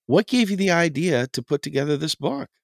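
A man's voice: on the high side, animated, brisk, vocal fry, no room sound, clean studio sound. A man hosting a podcast interview, introducing his guest with enthusiasm. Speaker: podcast host.

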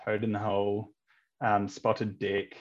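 A man's voice: fairly low pitch, completely flat delivery, a little slow, a little hiss or hum. An English-born man, a comedian guest on a podcast, rambling in casual chat with many ums and chuckles. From England. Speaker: comedian and street performer, guest. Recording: dull lo-fi sound.

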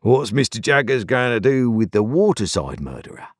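A man voicing a gruff, bantering male prison turnkey. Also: medium pitch, big pitch swings, moderate pace, no room sound, studio quality, pitched above the performer's own voice. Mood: prying.

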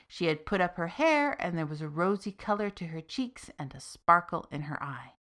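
A woman storyteller giving a steady, expressive reading of a folk tale for a podcast. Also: lowish voice, moderate pace. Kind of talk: scripted narration of a folk tale.

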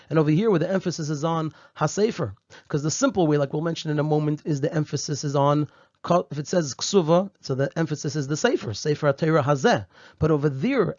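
A man with a fairly high voice works through a Torah text step by step, repeating key phrases and saying Hebrew terms the Ashkenazi way. The recording is dry and a little dull. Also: a little mellow, no echo. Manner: uses Hebrew and Yiddish terms in Ashkenazi pronunciation. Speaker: Torah teacher. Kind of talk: explaining a Torah text line by line.

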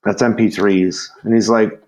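Low-voiced rambling male podcast host. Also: level tone, measured pace, a little mellow, low-quality recording. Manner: rambling storyteller, restarts often, chuckles. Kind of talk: casual podcast chat.

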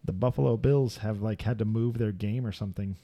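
A man's voice: on the low side, fairly quick, dark tone, dry recording. Jokey man reading news on a podcast. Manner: reads news aloud, jokey, narrates what is on screen. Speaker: podcast co-host. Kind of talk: casual chat. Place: podcast studio.

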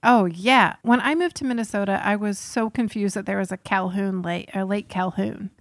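A woman's voice: medium pitch, moderate pace, dry recording, clean studio sound. Chatty woman on a podcast. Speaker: podcast co-host. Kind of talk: casual chat.

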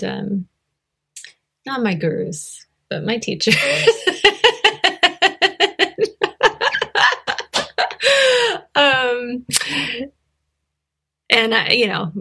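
A middle-aged woman reflects aloud as a conversation guest, pausing often and restarting her sentences. Her voice is thick with gravelly fry, sitting at an ordinary middle pitch for a woman. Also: fairly bright tone. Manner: thoughtful, hesitant, many fillers and restarts.

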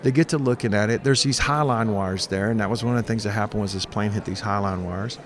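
A man's voice: on the low side, quick pace. A man, a minister being interviewed, telling a story with fervent, preacher-like conviction. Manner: lively storyteller who acts out the quoted dialogue. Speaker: guest minister and author.

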